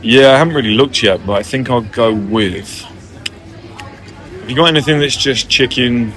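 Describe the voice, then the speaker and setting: A man's voice: mid-range voice, a little slow, a bit bright. A young man talking casually to camera in a cafe, brash and joking, swearing freely. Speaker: vlogger. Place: cafe by the water.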